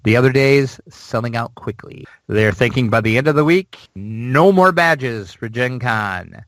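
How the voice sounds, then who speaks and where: A man co-hosting a gaming news show, talking in a loose, rambling way full of "like" and "you know". His voice sits at an ordinary middle pitch. The sound is dry and close, with no room around it. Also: animated, a little slow, a bit bright, dry recording, poor audio. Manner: chatty, rambling, lots of fillers. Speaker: podcast co-host. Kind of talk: casual news chat.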